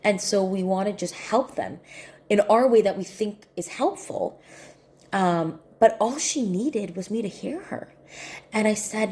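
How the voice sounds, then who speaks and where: A woman's voice: medium pitch, animated, unhurried, darkish tone, slight background noise. A woman sharing a personal reflection in casual talk, earnest and repeating her key points for emphasis. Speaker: spiritual healing coach.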